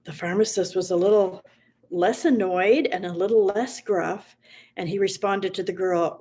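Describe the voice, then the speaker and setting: A woman hosting a motivational livestream, reading an inspirational story in a gentle, slow manner and softening at times almost to a whisper. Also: mid-range voice, breathy edge.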